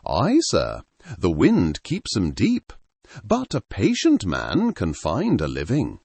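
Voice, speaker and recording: A man's voice: sits low, huge pitch swings, slow pace, gravelly, darkish tone, breathy edge, no echo, full character voice. A man voicing a weathered, friendly old male fisherman in an audiobook reading, talking in a folksy, plain-spoken way.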